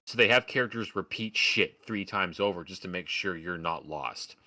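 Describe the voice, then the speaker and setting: A man's voice: sits low, moderate pace, bright, forceful tone. A man from Oregon giving a sarcastic, profane rant in a casual podcast film review. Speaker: podcast host.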